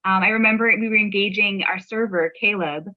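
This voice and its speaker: A woman hosting a casual podcast chat with a friend, agreeable and quick to affirm. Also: medium pitch. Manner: warm, agreeable, lots of affirming yeahs. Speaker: podcast host. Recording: dull lo-fi audio.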